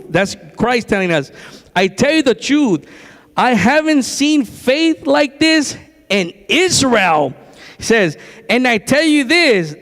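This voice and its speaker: Male preacher, high voice, excitable conversational delivery, reverberant church hall. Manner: excited and conversational, repeats phrases. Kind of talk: sermon. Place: church sanctuary.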